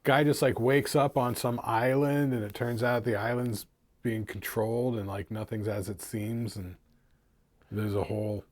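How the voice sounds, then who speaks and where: A man's voice: mid-range voice, steady tone, unhurried, darkish tone. A man co-hosting a casual podcast chat, curious and asking follow-up questions. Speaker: podcast co-host.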